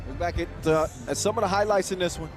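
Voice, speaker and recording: A man giving quick, energetic, joking play-by-play commentary at a live basketball event. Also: high-pitched. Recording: broadcast mix with loud crowd and music.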